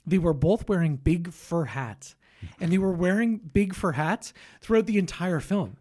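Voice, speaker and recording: Brief: male podcast host, casual, rambling and chuckly, slightly high voice. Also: unhurried, darkish tone. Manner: rambling, restarts and laughs a lot. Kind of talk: casual chat.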